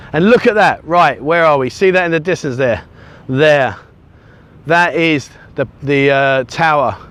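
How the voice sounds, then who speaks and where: A man's voice: a little high, smooth. A middle-aged English man from the UK, chatting casually and rambling with self-mocking asides as he films himself on a sunny beachfront. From United Kingdom. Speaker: vlogger. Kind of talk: casual walking vlog. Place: outdoors on a sunny beachfront by a busy road. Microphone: handheld camera at arm's length. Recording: faint outdoor traffic noise.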